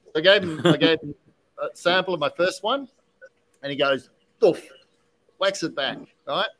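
Chatty storytelling man, fairly high voice. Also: normal speed, poor audio. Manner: animated anecdote with many restarts and "right?". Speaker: podcast host, whiskey distiller. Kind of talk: casual storytelling.

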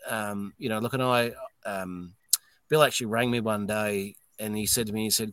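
A man's voice: lowish voice, normal speed, smooth. A middle-aged Australian man, a distillery owner talking as a guest in a casual podcast interview, blunt and swearing as he tells stories. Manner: blunt, swearing, animated storyteller.

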